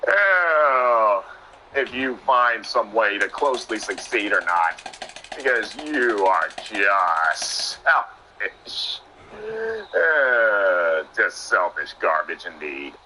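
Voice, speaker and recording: A young man doing excitable play-by-play commentary on a wrestling match, often breaking into sudden exclamations. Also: on the low side, extremely slow, a little hiss or hum, rough recording.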